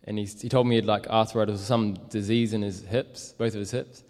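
A man's voice: fairly low pitch, flat delivery, a little fast, darkish tone, in a large hall. A young man telling a casual, rambling story as a street evangelist, full of fillers. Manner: rambling, many fillers and likes.

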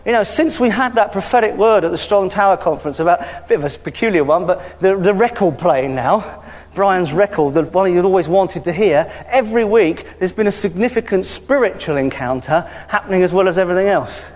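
Man, high voice, casual lively preaching, church hall echo. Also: a little fast, few pauses. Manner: lively, conversational preaching with frequent hallelujahs. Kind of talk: sermon. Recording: hall reverb.

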